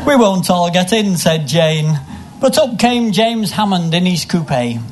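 A man performing a comic story full of literary name puns, with a deadpan delivery, recorded live. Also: high-pitched, a little slow, background noise. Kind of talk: live comic reading of a pun-filled story.

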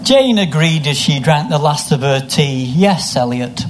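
A man performing a comic story full of literary name puns, with a deadpan delivery, recorded live. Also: on the high side, unhurried, noisy background. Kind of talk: live comic reading of a pun-filled story.

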